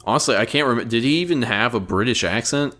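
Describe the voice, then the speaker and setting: A man's voice: mid-range voice, quick pace, sharp tone, soft background music. A young man co-hosting a podcast in casual chat, sardonic and crude, often stumbling over his words. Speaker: podcast co-host.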